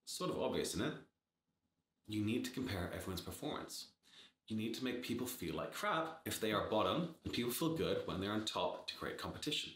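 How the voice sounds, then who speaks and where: A man's voice: on the low side, very animated, brisk, a bit bright, echoey room, slight background noise. A man giving blunt, sarcastic startup advice in a casual talk to camera, swearing freely. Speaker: startup advisor.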